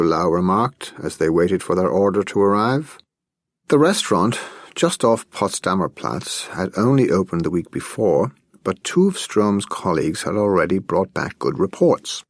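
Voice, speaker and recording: Low-voiced male audiobook narrator. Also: big pitch swings, normal speed, no echo. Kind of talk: scripted narration.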